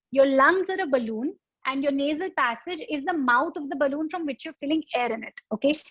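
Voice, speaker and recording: Yoga teacher lady, high voice, explains breathing slowly w analogies, dry dull lo-fi audio. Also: dry recording. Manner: patient, explains with analogies and demonstrations. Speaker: yoga instructor. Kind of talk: guided breathing instruction.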